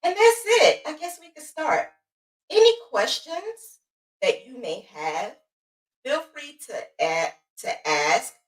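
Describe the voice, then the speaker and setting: A woman's voice: sits high, slow pace. Chatty woman livestreaming from a roomy space. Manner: lively, playful, greets viewers by name. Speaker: crochet livestream host. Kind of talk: casual livestream chat. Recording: roomy sound, mic at a distance.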